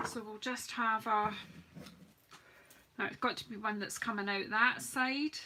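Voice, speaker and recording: Middle-aged woman, self-mocking live craft host, bright and high-ish voice. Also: fairly even intonation, a little slow, slight background noise. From United Kingdom. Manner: chatty and self-mocking, greets viewers from the comments. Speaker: craft demonstrator hosting a live stream. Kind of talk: live crafting demonstration, casual chat.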